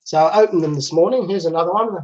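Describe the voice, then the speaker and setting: A man's voice: high-pitched, quick pace, darkish tone. A man hosting a casual live chat from home, chatting and laughing easily as he reads out viewer comments. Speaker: livestream host. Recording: dull lo-fi livestream audio.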